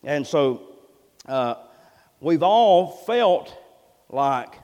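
High-voiced preacher in a reverberant hall. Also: male voice, expressive, slow pace. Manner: folksy preaching, building to loud emphatic peaks. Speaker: pastor. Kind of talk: sermon. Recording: long reverb in a church hall.

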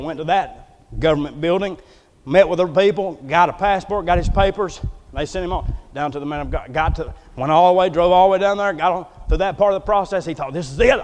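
A man preaching a folksy, emphatic storytelling sermon. He swings between loud bursts and hushed asides. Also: fairly high pitch, slight background noise. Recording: long hall reverb.

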